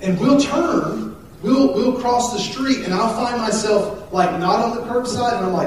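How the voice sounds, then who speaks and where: A man in his thirties, a pastor giving a conversational, animated sermon with asides and jokes. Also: extremely high pitch, measured pace. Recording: echoey hall, speaker far from the mic, faint noise.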